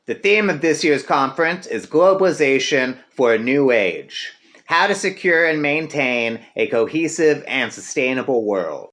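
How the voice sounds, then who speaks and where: A man's voice: fairly high pitch, fairly bright tone. A man playing a composed TV news reporter in a fan audio drama, with formal broadcast delivery.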